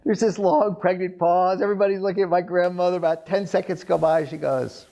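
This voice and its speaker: A man telling a family story to a live audience in an animated storytelling style with wry asides. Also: high-pitched, a little fast, vocal fry.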